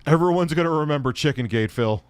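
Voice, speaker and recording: A man's voice: fairly high pitch, expressive, quick pace, clean tone, no room sound. A man giving a mocking, incredulous commentary rant, laughing often and swearing freely. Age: adult, his own peer group. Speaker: commentary host. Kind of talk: ranting commentary.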